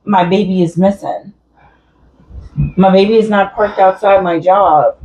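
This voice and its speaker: A woman's voice: mid-range voice, fairly even intonation, unhurried, a little mellow, slight background noise. A woman in a casual chat, speaking in a dry, matter-of-fact way. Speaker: podcast co-host. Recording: roomy echo.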